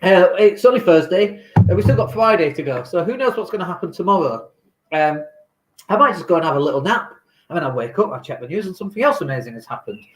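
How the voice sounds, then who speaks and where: A man's voice: sits high, animated, fast, slight background noise. Chatty man in an echoey room. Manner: chatty, rambling, reads viewer comments aloud. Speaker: property investor vlogger. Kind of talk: casual livestream talk. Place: home in lockdown.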